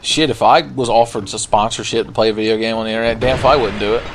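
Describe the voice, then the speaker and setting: A man's voice: fairly low pitch, fairly even intonation, fast talker, noisy background. A young man commenting on a video game he plays, joking and sarcastic, now and then breaking into silly singing. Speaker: gaming video host. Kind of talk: casual let's play commentary.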